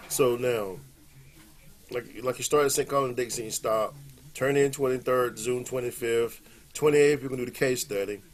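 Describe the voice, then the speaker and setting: A man on a video call, quietly checking dates and deadlines with his group. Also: mid-range voice, normal speed. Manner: quiet, brief check-ins about dates. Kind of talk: casual planning call.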